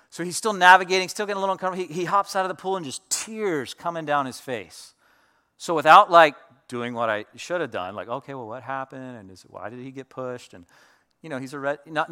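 A man's voice: on the high side, sharp tone. A man in his thirties, a pastor, preaching a sermon in a loose, conversational storytelling way with many fillers.

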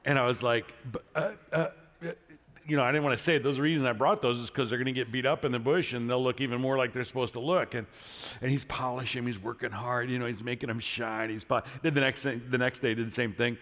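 A man's voice: mid-range voice, fast. A middle-aged male pastor preaching a sermon in a church, telling a story in a casual way before rousing the congregation with energy. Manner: casual storytelling, then energetic crowd prompting. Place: church sanctuary. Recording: long hall reverb from a church.

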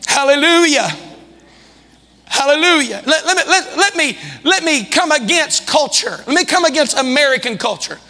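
A man preaching a sermon as pastor, with fiery delivery that rises to shouts. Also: extremely high pitch, expressive, moderate pace, long reverb tail. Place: church hall.

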